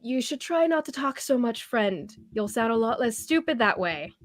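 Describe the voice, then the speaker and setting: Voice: mid-range voice, expressive, normal speed, no room sound, close to an everyday voice. A woman voicing a tall stranger who puts someone down with dry, cutting words. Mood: mocking. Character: mocking stranger, tall and cool.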